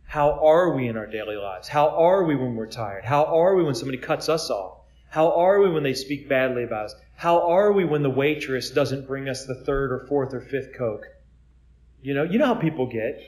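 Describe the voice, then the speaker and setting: A man's voice: medium pitch, lively intonation, normal speed, darkish tone. A man, a Catholic friar, giving an informal preaching talk in a conversational way, full of rhetorical questions and repeated words as he restarts.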